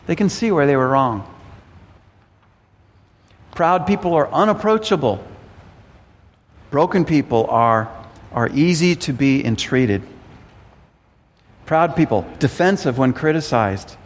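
Male pastor, earnest sermon delivery, mid pitch, long church-hall reverb. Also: animated, measured pace, long pauses. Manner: earnest, repeats words while thinking.

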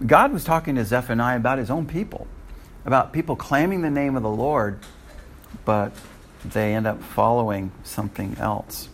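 A man's voice: medium pitch, moderate pace, a bit bright, slight background noise. An older man teaching a Bible study in a conversational way, often restarting his sentences.

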